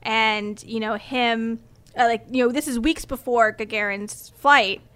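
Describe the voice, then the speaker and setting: A woman's voice: fairly high pitch, steady tone, unhurried, fairly bright tone, clean tone. A woman co-hosting a casual podcast, explaining a story step by step with frequent ums and restarts. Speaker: podcast co-host presenting the story. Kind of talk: casual chat.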